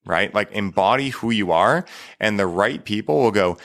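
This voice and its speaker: Male host, low pitch, crisp bright tone, casual affirming chat. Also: expressive, normal speed. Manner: affirming, peppers speech with "right?". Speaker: podcast host.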